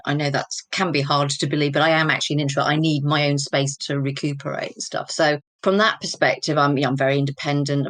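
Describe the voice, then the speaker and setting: A woman's voice: low-pitched, a bit bright, no echo. An English woman in her fifties, a guest telling personal stories openly and reflectively in an interview. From England. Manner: open, personal storytelling. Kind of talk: candid, reflective interview talk.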